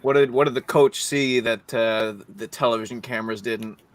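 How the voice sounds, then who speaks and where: A man's voice: medium pitch, steady tone, normal speed. Joking, bossy man hosting a fan show. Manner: bossy, joking, runs the round of picks. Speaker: host. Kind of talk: call-in fan show chat.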